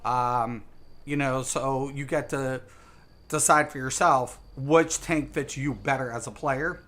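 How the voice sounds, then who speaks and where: A man's voice: medium pitch, steady tone, takes it slowly, fairly bright tone. A man streaming a game live, chatting casually with viewers in a rambling, emphatic way, repeating words and saying "dude" a lot. He sounds a little tipsy.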